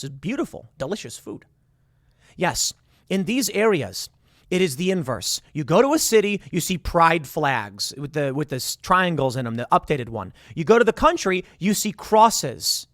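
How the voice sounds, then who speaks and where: Animated, argumentative male commentator. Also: a little high, no room sound, clean studio sound. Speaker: host. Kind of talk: political commentary.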